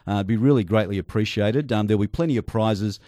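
A man's voice: on the low side, fast talker, dark tone, dry recording. A man with an Australian accent hosting a late-night sports radio show, chatting, taking calls and reading sponsor plugs into a studio microphone.

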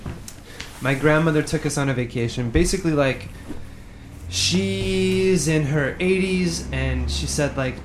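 A man's voice: fairly high pitch, a little slow, noisy background. A man co-hosting a podcast in casual chat, telling a laid-back story and swearing now and then. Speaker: podcast co-host.

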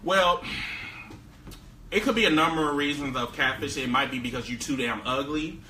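A man's voice: mid-range voice, normal speed, sharp tone, far from the mic, slight background noise. A man co-hosting a podcast in casual chat, teasing and joking crudely. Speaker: podcast co-host. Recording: roomy sound from off-mic.

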